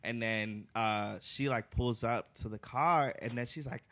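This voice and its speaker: Young man, podcast co-host, casual storytelling, animated quotes, mid-pitched voice. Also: a little slow.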